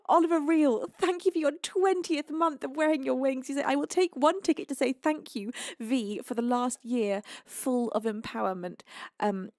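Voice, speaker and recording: A woman's voice: a little high, a little mellow, no echo, clean studio sound. A woman from the UK hosting a live music stream, reading out and gushing over viewers' gifts with giggles. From United Kingdom. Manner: bubbly, giggly, gushing with thanks. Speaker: livestream music host. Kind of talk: thanking viewers on a livestream.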